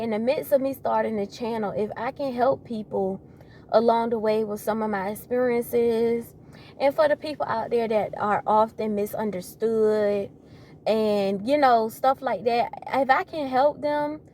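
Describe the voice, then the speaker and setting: Speaking directly to her viewers, this twenty-something vlogger rants casually and with clear exasperation, circling back over the same points and tossing out rhetorical questions. Her voice is a little high and somewhat mellow, with a bit of background noise behind it.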